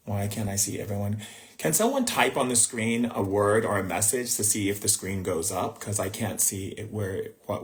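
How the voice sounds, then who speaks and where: Low-voiced man giving a casual spiritual talk. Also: a bit bright. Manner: conversational and rambling, with restarts and asides; distracted by screen trouble, muttering to himself. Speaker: spiritual teacher hosting a livestream. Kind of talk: live-streamed spiritual talk.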